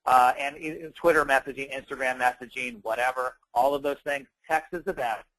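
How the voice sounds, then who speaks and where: A man's voice: medium pitch, a little fast, a bit bright, low-quality recording. A man giving a casual sales training talk, chatty and emphatic, with plenty of fillers. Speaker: network marketing trainer.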